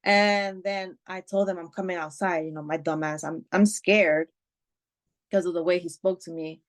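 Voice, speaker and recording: A woman with a slightly low voice talks through a personal story as a guest on a podcast. Her delivery is chatty and full of fillers. Strong language comes out without a second thought. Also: fairly even intonation, normal speed. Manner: emotional retelling, swears freely, many fillers. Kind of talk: casual storytelling chat.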